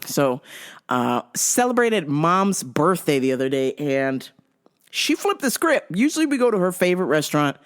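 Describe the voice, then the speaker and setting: A woman's voice: low-pitched, moderate pace. A woman from Southern California who hosts a podcast and tells comedic stories, swearing and laughing often. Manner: animated, profane, laughs often. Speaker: podcast host. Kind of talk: comedic storytelling.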